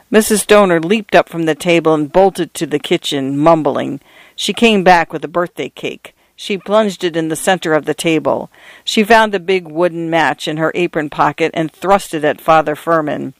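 A man narrating a literary story aloud in a measured, even way. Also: a little high, dry recording. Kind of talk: scripted story reading.

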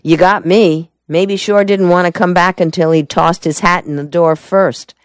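A shrewd male lawyer, as a woman narrator reads him lays out facts briskly and calmly. The voice is low and the sound dry. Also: dry recording, close to an everyday voice. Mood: matter-of-fact.

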